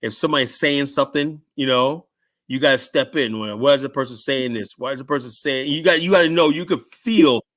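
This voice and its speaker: A man's voice: medium pitch, a little fast. A middle-aged man telling stories in a casual podcast chat, rambling, tagging "right?" and "whatnot" onto his lines. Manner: rambling storyteller, keeps adding "right?" and "whatnot", shouts out quoted lines. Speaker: guest telling security stories.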